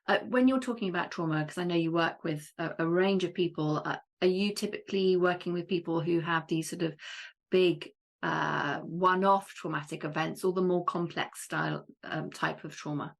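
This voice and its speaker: A woman's voice: lowish voice, normal speed, creaky. A woman hosting a podcast interview, reflecting on the topic and asking thoughtful questions. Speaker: podcast host. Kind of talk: interview conversation.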